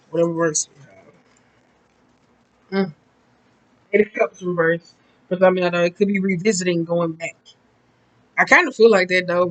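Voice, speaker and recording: A woman's voice: mid-range voice, rough recording. Blunt, profane woman tarot reader. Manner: blunt and profane, chatty and rambling. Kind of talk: casual tarot card reading.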